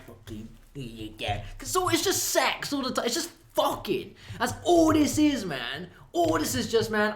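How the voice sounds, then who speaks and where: A man's voice: fairly high pitch, sharp tone, roomy sound. A man streaming, telling a crude comedic story in a profane, rambling way, laughing often.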